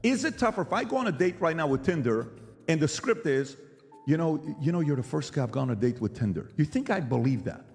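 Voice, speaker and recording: A man's voice: a little high, big pitch swings, quick pace, a little mellow, long reverb tail, faint music behind. Emphatic man debating with rhetorical questions. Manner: emphatic, rhetorical questions, mimics others' voices. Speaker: podcast host. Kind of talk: animated debate monologue.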